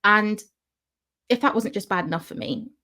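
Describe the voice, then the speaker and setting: A woman's voice: mid-range voice, normal speed. Young woman vlogging, chatty storytelling, does little voices for quotes. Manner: animated, acts out quotes in her story. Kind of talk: casual storytelling.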